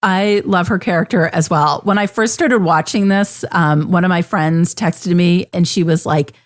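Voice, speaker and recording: A woman's voice: on the low side, moderate pace. Gushing enthusiastic woman podcaster. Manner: gushing, enthusiastic, mimics lines. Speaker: podcast host. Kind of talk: casual chat.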